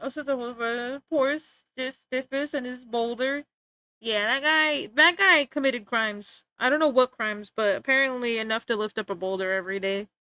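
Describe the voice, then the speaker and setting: A woman's voice: fairly high pitch, moderate pace, sharp tone, clear, resonant tone, no room sound. A young woman streaming live, rambling and joking in casual chat with frequent laughter.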